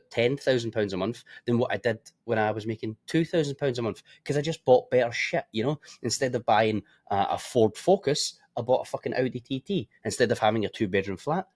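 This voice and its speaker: A tired man giving casual, blunt market commentary as a forex trading presenter. He swears freely, keeps yawning and makes offhand asides. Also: mid-range voice.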